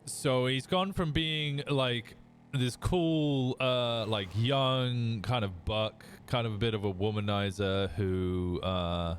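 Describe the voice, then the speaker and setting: A man's voice: medium pitch, fairly even intonation, slow pace, slight background noise. A young man with an English accent chatting casually on a live stream while gaming, rambling and self-mocking, breaking into laughs and the odd curse.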